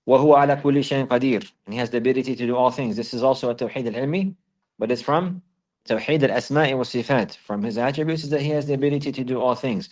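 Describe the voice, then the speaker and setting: A man's voice: mid-range voice, fast, a little mellow. A man teaching a religious lesson who recites Arabic phrases and then explains them in English, repeating each key point. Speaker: Islamic teacher.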